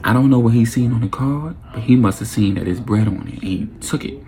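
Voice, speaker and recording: A man's voice: medium pitch, fairly quick, a little hiss or hum. A young man telling a story in a casual vlog, acting out what people said and making sound effects. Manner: animated, acts out quotes with sound effects.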